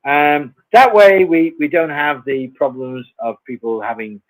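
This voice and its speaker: A man's voice: fairly high pitch, a little slow, no echo, low-quality recording. A man answering viewer questions as a guest on a live stream, plain-spoken and laughing easily.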